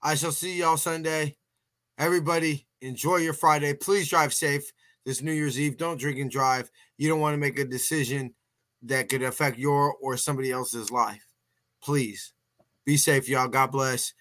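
A man's voice: mid-range voice, fairly even intonation, moderate pace, fairly bright tone. A man hosting a casual sports podcast, chatty and folksy, often restarting his sentences and sounding a bit tired. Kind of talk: casual sports talk show.

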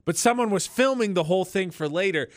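A man's voice: sits high, a little fast, no room sound, clean studio sound. A man hosting a morning radio show, telling stories in casual banter and laughing often. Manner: storytelling, laughs often, animated. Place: radio studio. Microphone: studio microphone.

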